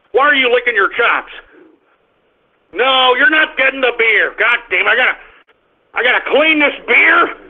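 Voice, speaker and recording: A male talk radio host, exasperated and swearing, rambling with restarts through a live on-air rant from his office. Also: very high-pitched. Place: home office. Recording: tinny phone-like radio stream.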